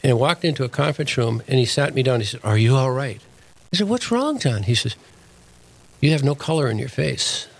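A man's voice: medium pitch, expressive, a little fast, gravelly, low-quality recording. An older man, a deacon and prison chaplain, telling a story in plain, earnest words as an interview guest.

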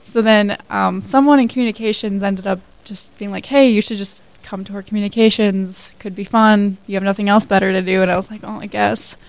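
A woman's voice: mid-range voice, fairly even intonation, a little fast, creaky, hardly any pauses, dry recording, low-quality recording. A woman in her twenties, a new hire telling her story as a guest in a casual radio interview, chatty with many fillers. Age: 20s.

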